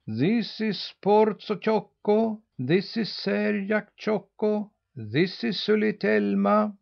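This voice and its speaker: A man voicing a flock of young goslings who wail plaintively in drawn-out cries. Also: high voice, gravelly, highs cut off, voice pushed up, heavily acted. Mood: impatient.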